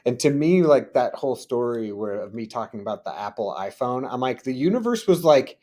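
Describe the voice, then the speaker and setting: A man co-hosting a casual conversation, animated, often laughing and acting out little voices as he tells stories. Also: medium pitch, a little fast.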